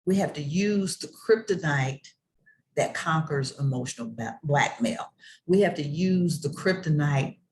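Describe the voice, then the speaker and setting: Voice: mid-range voice, animated, measured pace, darkish tone, slight background noise. A motivational speaker in a preacher-like style, emphatic and rhythmic, repeating key phrases as refrains and calling out to the listeners. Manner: rhetorical, calls out to listeners.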